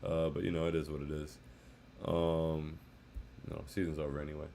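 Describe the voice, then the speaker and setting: A man's voice: extremely low pitch, little pitch movement, moderate pace, creaky, mellow, slight background noise. A man hosting a casual postgame livestream, sounding dejected, saying "bro" a lot and reading chat comments aloud. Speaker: livestream host.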